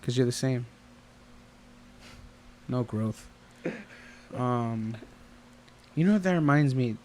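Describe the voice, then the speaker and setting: A man's voice: mid-range voice, lively intonation, takes it slowly, a little mellow, slight background noise. A man co-hosting a casual podcast chat, telling long rambling stories and acting out the voices of the people in them. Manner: rambling storyteller, acts out quoted voices. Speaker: podcast co-host.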